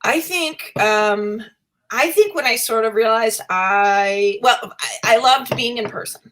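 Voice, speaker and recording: A woman's voice: fairly high pitch, slow, a bit bright, poor audio. A young woman, a podcast guest, chatting casually, rambling and laughing often as she talks in circles.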